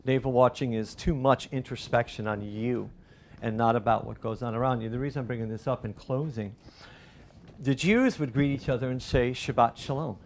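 A middle-aged man delivers a sermon from the pulpit. His voice climbs and grows loud whenever he runs through a list or acts out a quote, then drops back to a quiet, conversational tone. There is a faint hiss of noise under the recording. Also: mid-range voice, normal speed. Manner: animated preaching, rising loud on lists and quotes. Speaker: pastor.

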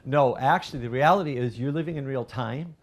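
A middle-aged man preaching a sermon as pastor, rising loud and animated through lists and quoted cries. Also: medium pitch, a little fast.

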